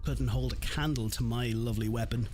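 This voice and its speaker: A man's voice: medium pitch, fairly even intonation, a little fast, a little mellow, soft background music. A man streaming live gameplay, chatting in a friendly way and greeting his chat by name.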